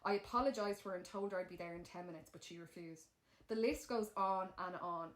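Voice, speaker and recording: A woman's voice: mid-range voice, brisk. A young Irish woman co-hosting a podcast in casual chat, blunt and swearing freely. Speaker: podcast co-host. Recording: roomy echo.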